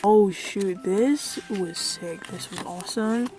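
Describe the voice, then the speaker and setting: A young British woman with a medium-pitched voice chats slowly and casually as a vlogger, with faint music playing behind her. She's giggly and self-mocking, often trails off into mutters, and squeals with excitement at her finds.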